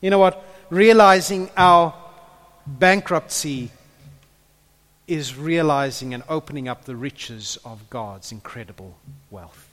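A man preaching a sermon, earnest, building to loud impassioned peaks and repeating his words as he goes. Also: fairly high pitch, slow pace, long pauses. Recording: echoey hall with long reverb.

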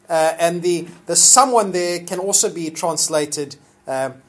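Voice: medium pitch, very animated, measured pace. A preacher delivering a sermon in an easygoing, conversational way, with frequent ums and uhs. Scripture is retold like a story, and the quoted people get acted out now and then. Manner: conversational, with fillers, acting out the quoted speakers.

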